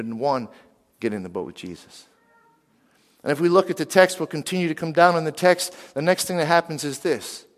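A man from western Pennsylvania preaching a sermon, lively, and he keeps asking the crowd questions. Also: fairly high pitch. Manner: animated, asks the crowd questions. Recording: long hall reverb.

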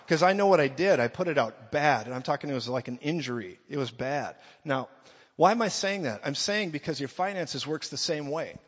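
Male preacher, fairly high voice, animated sermon delivery, muffled sound with a long hall echo. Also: slightly rough. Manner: animated, swings from quiet to shouting.

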